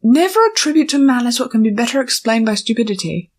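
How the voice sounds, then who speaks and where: A woman's voice: on the high side, animated, quick pace, voice pushed up. A woman voicing a playful, cheeky young mare pony who teases her friend in an audiobook. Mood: teasing. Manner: breezy, teasing, feigned innocence. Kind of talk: audiobook character voice.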